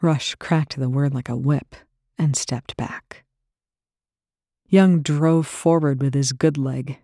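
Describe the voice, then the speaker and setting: A narrator reading a tense story aloud in a steady, dry storytelling manner. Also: medium pitch, no echo. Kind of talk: scripted narration.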